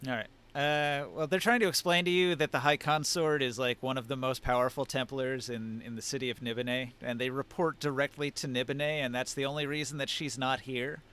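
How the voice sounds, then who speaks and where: Male game master, smooth, clear voice, narrating scenes and pausing to find words. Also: medium pitch, fairly even intonation, a bit bright.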